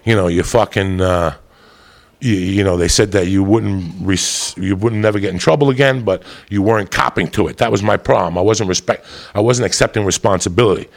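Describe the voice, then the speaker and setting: A middle-aged man telling a profane, rowdy stand-up story, loud and rambunctious, with a gravelly voice. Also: fairly quick. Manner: loud, profane, rambunctious, swings into high shouts. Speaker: stand-up comedian. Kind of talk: stand-up storytelling to a live audience.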